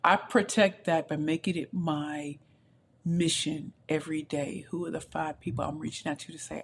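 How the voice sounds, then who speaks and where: A woman speaking as a podcast guest from her home computer, passionate and emphatic, now and then dropping to a soft near-whisper. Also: low-pitched, level tone, normal speed, slight background noise. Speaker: guest, entrepreneur and pitch champion. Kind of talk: podcast interview. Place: home with a balcony, city view.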